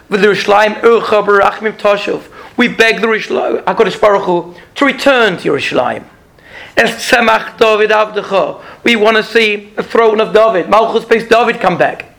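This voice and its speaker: A man giving an earnest Torah lecture as a rabbi, slowing down to stress key points. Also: high voice, gravelly, a bit bright.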